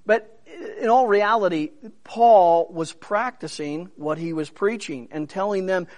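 A man's voice: high-pitched, measured pace, few pauses, darkish tone. A man preaching a sermon in a conversational, emphatic way with humorous asides. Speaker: pastor.

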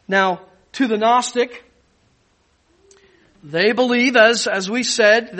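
Animated man preaching, high voice. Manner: animated teaching with rhetorical questions. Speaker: pastor. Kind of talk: sermon.

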